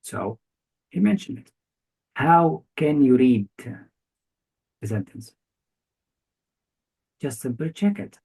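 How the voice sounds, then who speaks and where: Gravelly, mellow and breathy, this man's medium-pitched voice has a sing-song lilt, a slow pace and long pauses, captured on a rough recording. As an English test tutor in a private grammar lesson, he fires short, repeated questions at his student with non-native phrasing.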